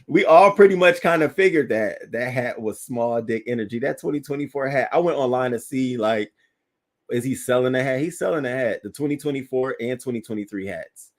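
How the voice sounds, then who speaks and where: A man's voice: mid-range voice, fairly quick. A man hosting a livestream, giving casual, blunt celebrity news commentary and talking straight to his viewers with plenty of profanity. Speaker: livestream host reading viewer chat.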